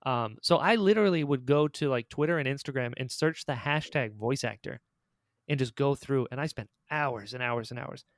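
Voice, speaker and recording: Excitable man telling stories on a podcast. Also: mid-range voice, moderate pace, dry recording, studio quality. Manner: excitable storyteller, acts out quoted lines. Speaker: creator and writer of an audio drama, guest. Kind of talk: casual podcast chat.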